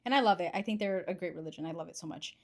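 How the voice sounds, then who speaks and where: A young woman co-hosting a casual chat, talking openly about feelings with lots of "like" and quick asides. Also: on the low side. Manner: quick, chatty, lots of "like" fillers. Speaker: podcast co-host.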